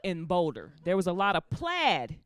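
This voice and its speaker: A woman performs stand-up comedy on a club stage, her voice leaping up and down as she acts out her stories. A lively crowd laughs loudly behind her throughout. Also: fairly low pitch, normal speed. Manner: animated storytelling with acted-out voices.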